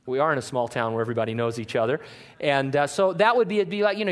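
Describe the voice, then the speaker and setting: A male pastor preaching in church in a mid-pitched voice. He talks casually and with humour, his pitch and volume rising and falling as he tells the story. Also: steady tone, fast talker. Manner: conversational and joking, with wide swings in pitch and loudness. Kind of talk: sermon.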